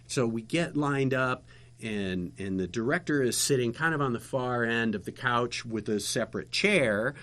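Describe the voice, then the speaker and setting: Rambling, animated male storyteller. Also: mid-range voice, moderate pace. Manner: rambling, animated anecdotes with many fillers and restarts. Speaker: guest telling stories, former local TV interviewer. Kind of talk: casual storytelling chat.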